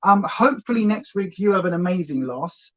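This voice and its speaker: Chatty woman with low-fi sound. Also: expressive, fairly quick, lo-fi sound. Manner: chatty, reads out and greets viewers warmly. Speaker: co-host of a weigh-in live stream. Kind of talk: casual live-stream chat.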